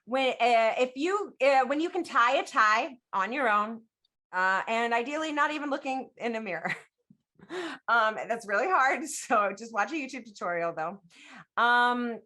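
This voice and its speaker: Bright-voiced woman giving halting advice. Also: on the high side, animated. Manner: halting, full of fillers and restarts. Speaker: player. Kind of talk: improvised tabletop role-play.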